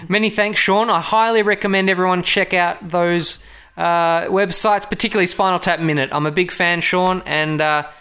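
A man hosting a podcast in casual chat, playful and quick to laugh. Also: sits high, fairly even intonation, pushed and bright, clean tone. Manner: laughs often, playful and joking. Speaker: podcast host.

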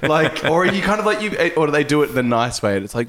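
A man's voice: fairly high pitch, lively intonation, fast, fairly bright tone. An Australian man co-hosting a podcast in casual chat, laughing often and acting out silly quoted voices. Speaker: podcast co-host.

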